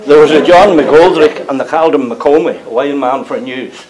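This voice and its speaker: Chuckling through funny anecdotes about working at the mill, an older Northern Irish man entertains a live audience at a community event. His voice is a little high and his speed normal. A crowd murmurs in the background of this rough recording.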